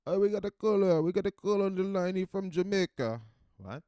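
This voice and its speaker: A man putting on a loud, exaggerated voice announcing a caller. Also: sits high, animated, moderate pace, no echo, voice pushed up. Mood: excited.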